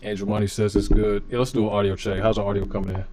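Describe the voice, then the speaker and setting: A man's voice: on the low side, little pitch movement, racing, crowd noise. A man doing casual live-stream market analysis from a home room on a desk mic, chatty and laid-back, talking to his chat. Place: home room with computer fans and laundry nearby. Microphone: desk microphone.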